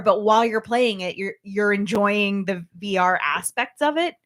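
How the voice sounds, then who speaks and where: A woman's voice: medium pitch, moderate pace, few pauses, fairly bright tone. A woman co-hosting a casual podcast, talking about a game with lots of restarts and filler words. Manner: chatty, with many fillers and restarts. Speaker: podcast co-host.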